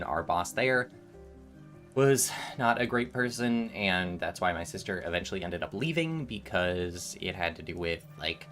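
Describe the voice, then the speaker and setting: A twenty-something man chats while streaming games, wandering through stories and often beginning them again. His voice is low-pitched with a slightly bright tone.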